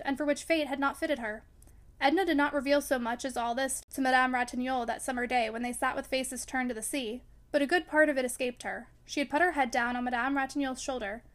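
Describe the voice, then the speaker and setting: A woman reading a classic novel aloud as an audiobook narrator, in a measured, even way. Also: high-pitched. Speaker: audiobook reader. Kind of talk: scripted narration.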